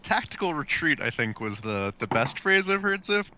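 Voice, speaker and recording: A man's voice: fairly high pitch, very animated, moderate pace, pushed and bright. A man playing in an online tabletop game, wry and dry in his remarks. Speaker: player. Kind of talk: casual game chat.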